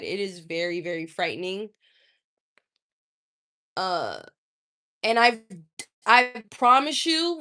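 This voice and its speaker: Slow, sassy woman ranting on a livestream. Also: medium pitch, pushed and bright. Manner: sassy, profane and indignant. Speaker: livestream host. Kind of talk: casual livestream rant.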